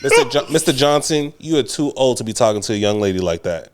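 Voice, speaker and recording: A man's voice: medium pitch, lively intonation, fast, clear, resonant tone, close to an everyday voice. A man doing a sassy young nurse scolding.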